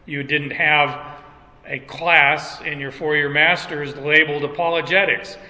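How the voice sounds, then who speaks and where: Slow, bright-voiced preacher in a reverberant hall. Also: male voice, fairly high pitch, steady tone. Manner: slow, halting, with restarts and chuckles. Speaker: pastor. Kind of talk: sermon.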